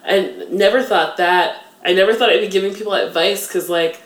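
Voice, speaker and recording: A woman's voice: medium pitch, normal speed. Chatty woman in an echoey room. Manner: chatty, self-deprecating, heavy use of "like". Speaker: interview guest. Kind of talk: casual interview chat.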